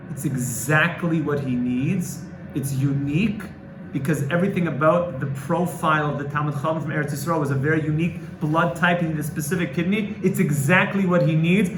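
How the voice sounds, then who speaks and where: A man voicing a reproachful wife, lower and slower. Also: close to an everyday voice. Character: distraught wife delivering bad news. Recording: echoey room with faint noise.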